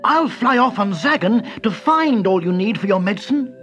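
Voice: mid-range voice, expressive, normal speed, a bit bright, soft background music, pitched above the performer's own voice, natural voice. A storybook narrator voicing an eager young male ogre boy in a raised, keen voice.

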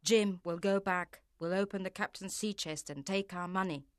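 A man's voice: high-pitched, normal speed, a bit bright, no room sound, studio quality, voice pushed up. A man reading a storybook and voicing a firm, stubborn innkeeper mother. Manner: firm and insistent. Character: stubborn innkeeper mother, middle-aged woman.

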